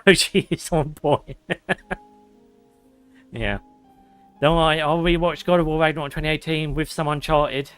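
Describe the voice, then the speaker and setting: A man's voice: a little high, fairly even intonation, measured pace, pauses often, a bit bright, clear, resonant tone. Chatty man streaming a game. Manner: chatty, swears, talks to chat. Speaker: gaming streamer. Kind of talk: casual live gameplay commentary. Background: game music.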